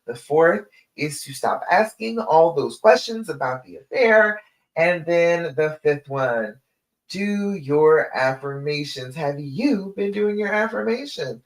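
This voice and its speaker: A woman's voice: low-pitched, lively intonation, slow, rough recording. A woman relationship coach speaking to viewers on a livestream, encouraging them and walking through steps in lists, calling the listener honey. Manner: instructive, repeats steps and lists.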